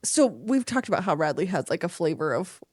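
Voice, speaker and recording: A woman co-hosting a podcast in casual chat, talking fast and laughing often. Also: on the low side, big pitch swings, a little mellow, husky. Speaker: podcast co-host.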